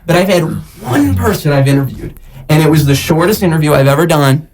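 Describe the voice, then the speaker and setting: A man's voice: fairly high pitch, expressive, a little fast, crowd noise. A man hosting a podcast in casual chat, easygoing and laughing along with his guest. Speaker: podcast host.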